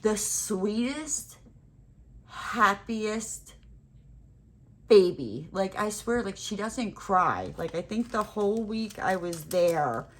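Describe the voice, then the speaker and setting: A woman craft vlogger telling a rambling, animated story while she crafts, with playful self-mocking exclamations. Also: medium pitch, slow pace.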